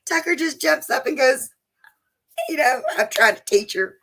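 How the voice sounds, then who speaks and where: A woman's voice: high-pitched, expressive, moderate pace, gravelly, a bit bright. A woman, chatting casually and emotionally with viewers during a live stream. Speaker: vlogger hosting a live chat.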